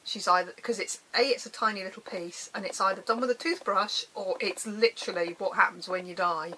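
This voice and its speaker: This crafting vlogger, a middle-aged woman from the UK, talks casually about her crafts as she shows them. She tends to trail off and restart and pokes fun at herself. Her mid-range voice is fairly quick, pushed and bright, and the recording is rough.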